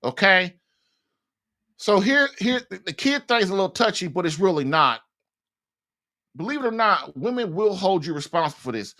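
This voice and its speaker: A man's voice: sits high, sing-song, moderate pace, pauses often, sharp tone. A man talks through marriage advice in a loose, conversational monologue. He is blunt and folksy, and he laughs at his own points as he goes. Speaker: podcast host giving marriage advice.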